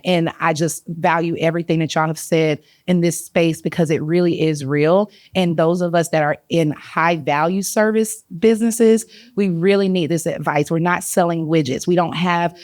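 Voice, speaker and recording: A woman's voice: lowish voice, darkish tone, no echo, clean studio sound. A woman with a country Southern accent giving a candid, grateful comment from the audience at a panel. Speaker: audience member.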